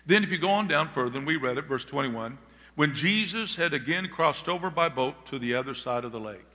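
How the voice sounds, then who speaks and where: Bright-voiced male pastor preaching in a reverberant hall. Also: a little high, expressive, brisk. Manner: emphatic preaching with calls of "Amen?" to the congregation. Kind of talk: sermon. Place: church sanctuary. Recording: long reverb of a large hall.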